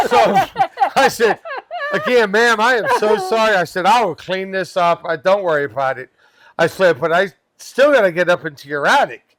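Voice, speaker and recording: Lively high-voiced man telling a wild story. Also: normal speed. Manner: lively, swears freely, laughs through his story. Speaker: podcast guest; pest control worker. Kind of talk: animated storytelling.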